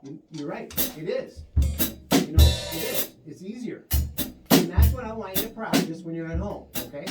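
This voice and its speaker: A man teaching a one-on-one drum lesson, coaching his student and counting the beats out loud. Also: high voice, lively intonation, normal speed, over loud music. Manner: coaching, counts beats aloud over the playing. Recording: roomy, distant mic, loud drums behind.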